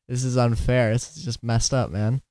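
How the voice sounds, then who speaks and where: A man's voice: medium pitch, little pitch movement, normal speed, a little mellow, dry recording, clean studio sound. A tired man hosting a casual solo podcast, rambling and giggling, slurring his words at times. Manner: giggly, rambling, self-deprecating. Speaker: podcast host.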